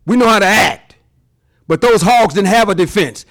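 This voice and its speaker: A man preaching a sermon to his congregation, folksy and animated, acting out little voices in his examples. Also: sits high, moderate pace. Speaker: pastor.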